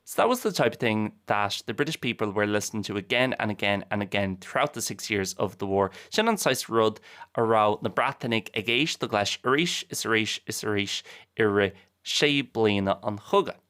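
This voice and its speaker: Casual podcast teacher. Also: male voice, fairly low pitch, lively intonation, brisk, a bit bright. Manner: casual, repeats each line in two languages. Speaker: Irish language teacher and podcast host. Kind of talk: bilingual podcast lesson.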